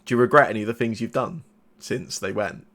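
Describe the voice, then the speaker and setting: A man acting as game master, who narrates a tabletop game in a halting way with many restarts. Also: fairly low pitch, fairly bright tone.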